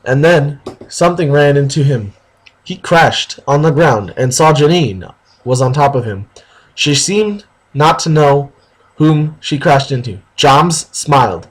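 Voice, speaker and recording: A man with a slightly high voice reads a story aloud for a video. He stumbles over lines and keeps breaking off to make dry, sarcastic remarks about the text. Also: breathy edge. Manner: halting reading, sarcastic asides. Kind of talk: reading a story aloud with mocking asides.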